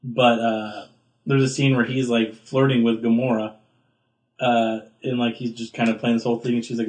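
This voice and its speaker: A man's voice: little pitch movement, moderate pace. A young man co-hosting a casual podcast chat, rambling with lots of fillers. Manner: rambling, filler-heavy, acts out quotes with big pitch jumps. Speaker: podcast co-host.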